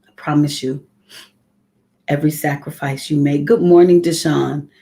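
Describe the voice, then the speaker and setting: A woman's voice: sits low, steady tone, moderate pace, dark tone. A woman leading a live morning devotional, speaking in a heartfelt, conversational way and greeting viewers by name. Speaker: ministry leader.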